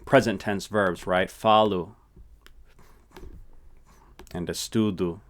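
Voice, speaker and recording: In a low voice with fairly even intonation, a man runs an informal language lesson. He slows down on words for repetition practice and keeps adding "right?" to make sure you're following.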